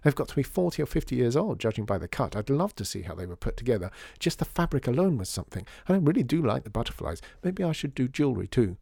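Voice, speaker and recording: A man's voice: mid-range voice, sing-song, quick pace, creaky, few pauses, warm tone, breathy edge, dry recording, studio quality, voice pushed up, full character voice. A man reading a storybook voices an enthusiastic young woman who gushes with admiration. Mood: admiring. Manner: gushing, admiring.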